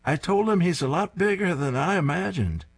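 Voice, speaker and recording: A man's voice: high voice, expressive, normal speed, pitched above the performer's own voice. A man putting on a tall-tale old Maine sea captain. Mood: boastful yarn. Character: grizzled old male sea captain spinning tall tales.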